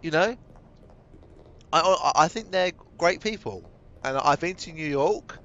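A man's voice: a little high, expressive, a little slow, a bit bright. A British man rambling casually over a video, full of "you know"s and restarts. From Britain. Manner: rambling with many fillers and restarts. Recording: dull lo-fi recording.

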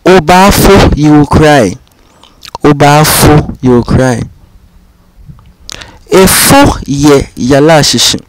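A man teaching vocabulary, saying each phrase twice in a calm, patient way. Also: a little high, slow, pauses often, a little hiss or hum, rough recording. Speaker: language teacher. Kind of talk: slow, repetitive vocabulary drill.

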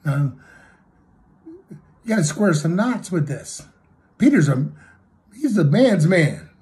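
Mellow-voiced male preacher telling a story. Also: a little high, big pitch swings, takes it slowly. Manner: storytelling with acted quotes, swinging between loud and hushed. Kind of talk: sermon.

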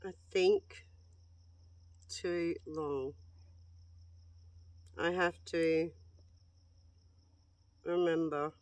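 A woman paranormal investigator outdoors in a cemetery, slowly calling out the words she hears in a sensory deprivation session, often exclaiming in surprise. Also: sits low, steady tone, dry recording. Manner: slow, halting, exclaims in surprise.

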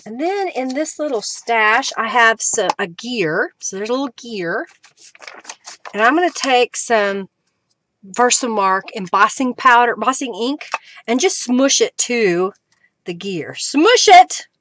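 A woman's voice: a little high, expressive, measured pace, a bit bright, slight background noise. A woman hosting a live crafting stream, chatting casually as she works and greets viewers. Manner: chatty, reads out viewer comments with bursts of cheer. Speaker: crafting livestream host.

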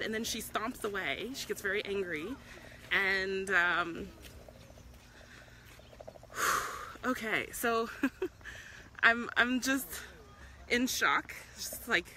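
The audio is poor, with a little hiss or hum, as a South African woman gives casual live-stream commentary outdoors in a public place. Her mid-range voice is slow and sharp in tone, she pauses often, and she speaks earnestly and passionately with plenty of ums and self-restarts.

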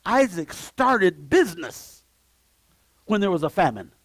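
A male pastor preaching with a somewhat high voice, recorded dry and close with little room sound. He swings from shouted lines to quiet asides and keeps repeating his key phrases and calls of praise. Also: sing-song, a little slow, dry recording. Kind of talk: sermon. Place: church sanctuary.

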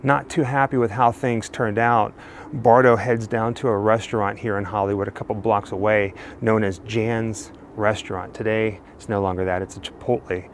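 A man hosting a true crime show, telling the story in a steady narrative style while walking outdoors on a residential street. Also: lowish voice, normal speed, slight background noise. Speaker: true crime channel host.

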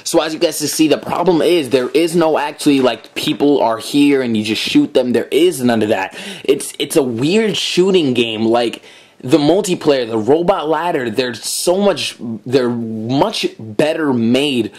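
A man's voice: medium pitch, lively intonation, a little slow, a little mellow. Casual man narrating his gameplay. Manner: casual, reads on-screen dialogue aloud. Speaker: gameplay commentator. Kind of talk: let's play commentary.

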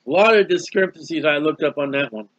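A man's voice: on the high side, animated, quick pace, no echo. A man preaching a Bible teaching sermon in a folksy, emphatic way, asking questions and answering them himself.

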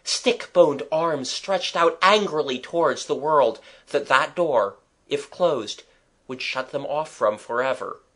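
A man narrating a children's audiobook chapter in a measured, expressive storytelling manner. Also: a little high.

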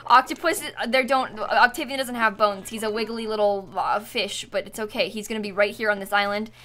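A woman live-streaming a video game, chatting with viewers in an excitable, dramatic, giggly way. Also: mid-range voice, fairly quick. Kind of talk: live-stream chat while gaming.

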